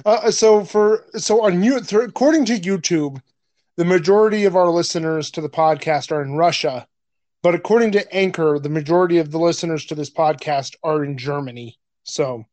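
A man's voice: on the high side, moderate pace, darkish tone, dry recording. A man co-hosting a podcast in casual chat, blunt and profane, laughing often. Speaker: podcast co-host.

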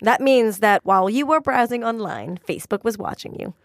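A woman's voice: on the high side, lively intonation, a little fast, no echo, clean studio sound. A woman, a data reporter talking in a teasing, amused way on a podcast and laughing often. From Germany. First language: German. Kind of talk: conversational podcast segment.

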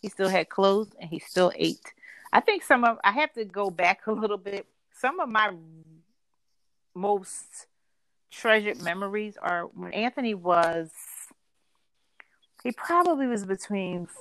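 A woman's voice: mid-range voice, animated, a little slow, pauses often, a bit bright, no room sound. A woman from Philadelphia, a podcast guest, telling a personal story in a heartfelt, reflective way, laughing now and then.

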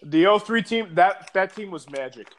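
A man's voice: high-pitched, moderate pace. Rambling, profane man telling stories. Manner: rambling, profane, animated storytelling. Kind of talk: casual chat.

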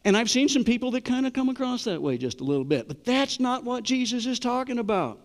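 A man's voice: very high voice, very animated, fairly quick, long reverb tail. A middle-aged man preaching a sermon in a conversational way, asking the congregation questions. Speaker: pastor.

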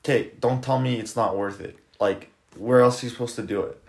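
Gravelly young man, echoey room. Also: mid-range voice, steady tone, fairly quick, darkish tone. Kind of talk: casual chat.

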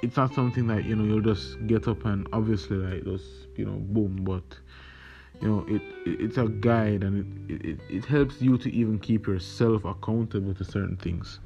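Young guy from jamaica, lowish voice, lots of "you know", dull recording w guitar behind. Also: normal speed, creaky, warm tone. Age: young adult. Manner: hesitant, many fillers. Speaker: podcast host. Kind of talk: casual spoken reflection with readings. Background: plucked guitar music.

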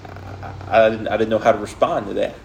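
A man's voice: lowish voice, fairly even intonation, quick pace, creaky, a little mellow, a little hiss or hum. A young man preaching a sermon in an earnest, repetitive way, with folksy, casual grammar.

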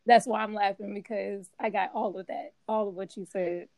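A woman's voice: mid-range voice, fairly even intonation, moderate pace, gravelly, a little mellow, no echo. A woman co-hosts a casual Bible study podcast from her phone. She talks casually, using slang and fillers. Her voice sounds dry and close. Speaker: podcast co-host. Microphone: phone app, remote recording.

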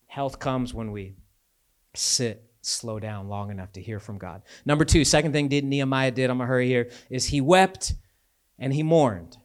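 A man preaching a sermon as a pastor, talking in a conversational, animated way with casual asides. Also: mid-range voice, moderate pace.

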